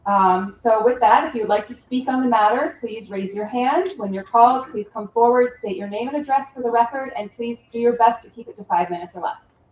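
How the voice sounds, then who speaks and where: A woman's voice: fairly high pitch, brisk, few pauses, a little mellow, slight background noise. A woman chairing a town public hearing, speaking formally and measuredly, with some hesitant fillers, in a town hall meeting room. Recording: distant, roomy, dull meeting-room audio.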